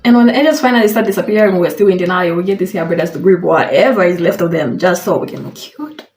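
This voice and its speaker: A woman's voice: lowish voice, fast, darkish tone. A woman commenting on hair care in a vlog, giving frank advice with light amusement.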